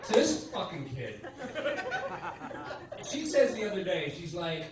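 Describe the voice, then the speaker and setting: A man's voice: high-pitched, very animated, a little slow, long pauses. A man in his sixties doing a stand-up set, ranting in a profane, exasperated way. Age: 60s. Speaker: stand-up comedian. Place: comedy club stage. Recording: echoey club from a distance, loud noise.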